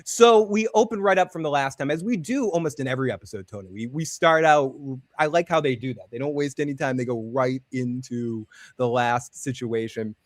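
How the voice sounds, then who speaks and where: A man hosting a live show from a warm room at home, joking and animated, with a close mic. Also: medium pitch, brisk, hardly any pauses, no room sound. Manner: joking, animated, quotes characters in put-on voices. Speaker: host. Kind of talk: casual live show chat.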